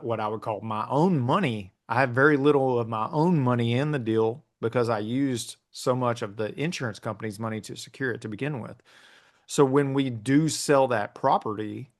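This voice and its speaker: Man telling a story with fillers. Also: mid-range voice. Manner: relaxed storytelling with many fillers. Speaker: guest. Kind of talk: casual interview conversation.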